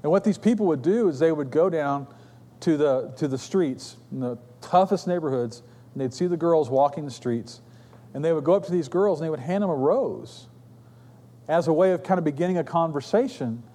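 A man's voice: fairly high pitch, normal speed, dark tone. A man preaching a sermon as pastor, telling stories in a conversational way with casual asides to his congregation. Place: church sanctuary. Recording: long reverb of a church hall.

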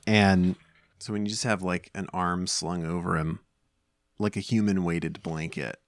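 A man's voice: low-pitched, fairly even intonation, unhurried, no room sound, studio quality. A man in his thirties co-hosting a podcast, talking casually at home in a rambling way, full of fillers and restarts. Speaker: podcast co-host. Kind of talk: casual chat.

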